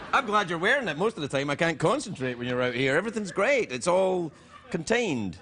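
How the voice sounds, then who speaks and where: Teasing Scottish talk show host. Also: male voice, on the high side, fairly bright tone, a little hiss or hum. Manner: teasing, playful, jokey. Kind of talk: late-night talk show banter. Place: television studio with audience.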